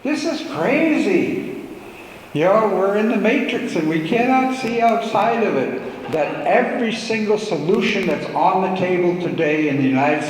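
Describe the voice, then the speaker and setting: A man from Alaska giving a reflective storytelling talk to a gathering, with playful asides. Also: fairly high pitch. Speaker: speaker at a gathering. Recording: echoey hall, long reverb, faint hum.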